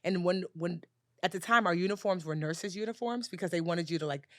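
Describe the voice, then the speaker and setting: Woman guest, mid-low voice, lively storyteller who acts out every line, dry close mic. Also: brisk, no echo. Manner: animated storyteller, acts out dialogue with big pitch jumps. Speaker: personal finance educator, podcast guest. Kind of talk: storytelling in a conversational interview.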